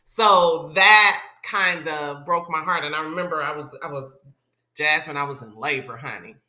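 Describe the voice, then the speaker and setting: Bright-voiced woman telling a lively story. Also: low-pitched, normal speed, echoey room. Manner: animated storyteller who acts out the people she quotes. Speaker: radio personality, interview guest. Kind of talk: casual storytelling interview.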